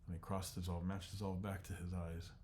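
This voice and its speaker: A man narrating an animated storyboard pitch in terse present tense, shot by shot, dropping into voices. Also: fairly quick, a little hiss or hum. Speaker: storyboard artist.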